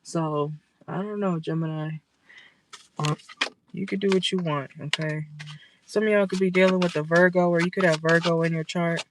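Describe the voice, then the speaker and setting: A woman's voice: on the low side, fairly even intonation, moderate pace. A woman giving a casual tarot reading from her car, blunt and scolding, swearing freely, with a stuffy nose. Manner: blunt, scolding, profane, chatty. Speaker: tarot reader. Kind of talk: casual direct-to-camera reading. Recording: noticeable background noise.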